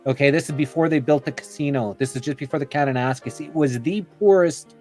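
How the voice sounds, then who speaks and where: This podcast guest, a man, races through a long personal anecdote in a casual, rambling style, filled with "you know" and "like," and he mimics what others said. His voice is a little high and darkish in tone, with faint music in the background.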